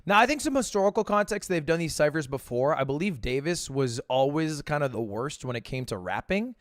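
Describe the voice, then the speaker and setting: A man streaming and giving casual commentary on music, talking in a relaxed, rambling way with lots of fillers and some teasing. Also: a little high, fairly quick. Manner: relaxed, talky, full of "like" and "you know", teasing.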